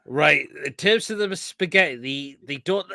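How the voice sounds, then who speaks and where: A man with an English accent hosting a casual live stream, reading out viewer comments, swearing freely and laughing loudly. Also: a little high, animated, normal speed, dry recording. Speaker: show host.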